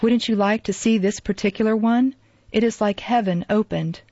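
A woman voicing a timid, remorseful young woman who speaks softly and kindly, in a storybook reading. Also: mid-range voice, normal speed, no echo, close to an everyday voice. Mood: gentle. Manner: soft, kindly, hasty when pressed. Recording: dull lo-fi dry recording.

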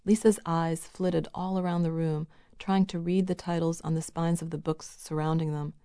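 A woman narrating a novel in a measured, even reading. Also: sits low, clean tone, no room sound, studio quality. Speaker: audiobook narrator.

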